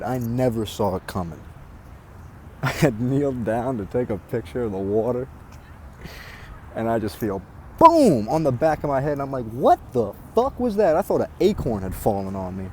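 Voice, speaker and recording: A man's voice: mid-range voice, lively intonation, normal speed, long pauses, a little hiss or hum. Profane ranting man outdoors. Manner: crude, heated, mocking, swears constantly. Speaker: vlogger. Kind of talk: casual profane rant to camera. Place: outdoors near water.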